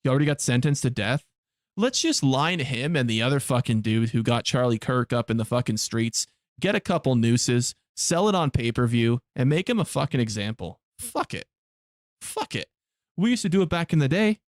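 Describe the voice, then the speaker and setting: A man's voice: medium pitch, animated, brisk, no room sound, clean studio sound. A man streaming a game live, chatting casually with his viewers in blunt, heavily profane rants. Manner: blunt, profane ranting to chat.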